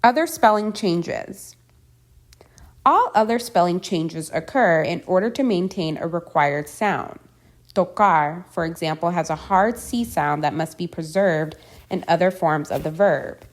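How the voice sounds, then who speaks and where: A woman reading a scripted pronunciation lesson, deliberately enunciating each example word. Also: on the low side, lively intonation. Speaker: language teacher.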